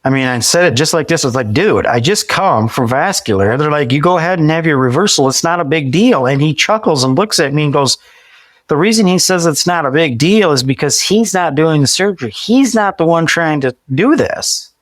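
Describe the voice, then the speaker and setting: A man's voice: on the high side, expressive, fairly quick, fairly bright tone, dry recording. Podcast guest, male, forties; chatty storyteller, restarts a lot, animates quoted lines, dry recording. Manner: acts out quoted dialogue vividly; frequent restarts and repeated words. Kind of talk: conversational storytelling.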